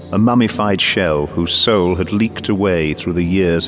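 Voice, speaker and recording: A man narrating a ghost story in a measured, solemn way. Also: sits low, long reverb tail. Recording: narration over clear music.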